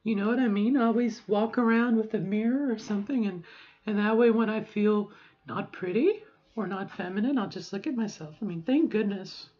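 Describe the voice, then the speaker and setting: A woman's voice: medium pitch, normal speed, highs cut off. A middle-aged woman talking frankly and emotionally in a rambling personal video diary, swearing now and then. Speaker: vlogger.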